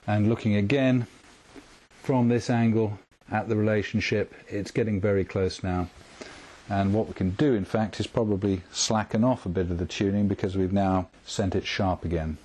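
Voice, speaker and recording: A man calmly walking through a guitar tremolo setup step by step, patient and methodical. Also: fairly low pitch. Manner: calm, patient, step-by-step explaining. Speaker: guitar tech instructor. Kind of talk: instructional demonstration.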